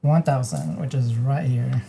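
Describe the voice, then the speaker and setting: A man's voice: mid-range voice, measured pace, creaky, mellow, a little hiss or hum. A man playing a board game with friends, talking himself through his turn and counting pieces and money aloud. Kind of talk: casual tabletop game play.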